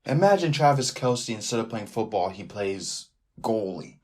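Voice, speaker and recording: A man hosting a sports podcast alone, talking in a loose, animated way that keeps drifting off into tangents. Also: on the low side, moderate pace. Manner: rambling, animated, riffs off on tangents. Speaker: podcast host. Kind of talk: casual sports podcast monologue.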